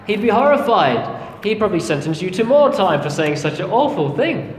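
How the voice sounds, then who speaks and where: A man's voice: high voice, very animated, normal speed, a little hiss or hum. A man preaching a sermon, earnest and emphatic, calling his listeners friends. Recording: echoey hall with long reverb, faint ambience.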